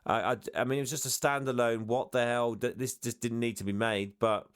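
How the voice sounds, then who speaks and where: A man's voice: mid-range voice, steady tone, a little fast, clean tone. A man co-hosting a podcast, talking casually and often trailing off or restarting. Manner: meandering, trailing off, stammering restarts. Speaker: podcast co-host. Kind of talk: casual chat.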